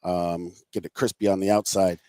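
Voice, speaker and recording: Low-voiced chef explaining dishes. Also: male voice, level tone, normal speed, dark tone, no room sound. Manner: hesitant, filler-heavy, friendly. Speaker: restaurant chef.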